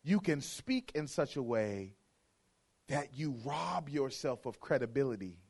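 A man's voice: mid-range voice, very animated, a little slow, darkish tone, husky. A man preaching a sermon, emphatic and playful, hammering his point with repeated phrases and mimicking how churchgoers talk.

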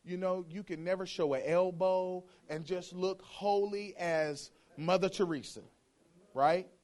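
A man's voice: sits high, fairly even intonation, unhurried, a little mellow. A man preaching a sermon, emphatic and playful, hammering his point with repeated phrases and mimicking how churchgoers talk.

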